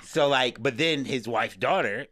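A man's voice: medium pitch, unhurried, fairly bright tone, dry recording. A man co-hosting a podcast, talking casually and explaining a story at length with lots of fillers. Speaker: podcast co-host. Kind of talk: casual chat.

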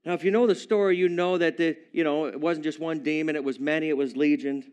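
A man preaching a sermon to a live congregation, retelling a story in a playful, animated way with chuckling asides. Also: a little high, fast talker, smooth. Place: church service with a live congregation.

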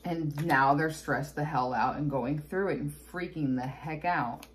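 A woman's voice: sits low, measured pace, background noise. A woman giving a casual tarot reading, chatty and blunt, with exasperated asides. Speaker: tarot reader.

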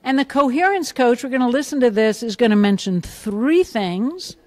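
Animated woman lecturing a live audience. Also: fairly high pitch, normal speed. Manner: animated, asks the audience questions, acts out reactions. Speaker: biofeedback clinician presenting a workshop. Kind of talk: lively hands-on lecture. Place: conference room with a live audience.

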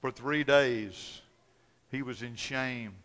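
Male pastor preaching with dramatic storytelling, forceful bright voice, long church reverb. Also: mid-range voice, slow. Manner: dramatic storytelling, swinging from loud to hushed. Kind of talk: sermon. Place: church sanctuary.

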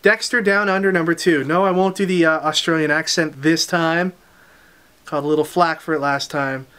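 High-voiced man rattling off comic releases. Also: fairly even intonation, bright, forceful tone, smooth. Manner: brisk title-by-title listing with quick asides. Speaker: comic shop host presenting new releases. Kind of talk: casual unboxing rundown.

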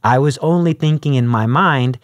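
A man's voice: medium pitch, moderate pace, dry recording, dull audio. A man telling his faith story in a conversational interview, acting out his own past dialogue. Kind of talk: conversational testimony.

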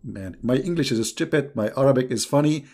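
Faint music plays behind a medium-pitched, darkish voice that moves fast. The speaker, a middle-aged man hosting a casual religious debate livestream, sounds sarcastic and mocking and chuckles a lot.

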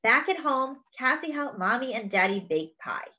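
A woman reading a picture book aloud to children, expressive and exclaiming over the pictures. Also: sits high, normal speed, lo-fi sound. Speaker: children's story reader. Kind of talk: read-aloud storytelling.

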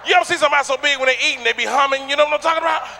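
A man doing a loud, animated stand-up routine on a comedy stage, acting out the voices in his stories. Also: extremely high pitch, rapid-fire, a little hiss or hum. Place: comedy stage before a live audience.

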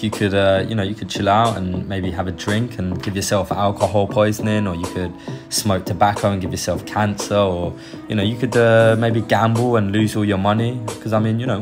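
A young man narrating a home cooking video in a casual, joking way, with sardonic asides and easy laughs. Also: fairly low pitch. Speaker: cooking vlogger. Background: background music.

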